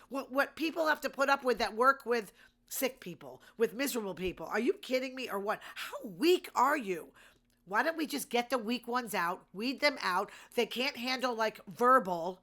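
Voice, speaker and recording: A woman's voice: a little high, expressive, normal speed, fairly bright tone. Indignant woman ranting. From Massachusetts. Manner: indignant, sarcastic rants with rhetorical questions. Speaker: host. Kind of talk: casual news commentary.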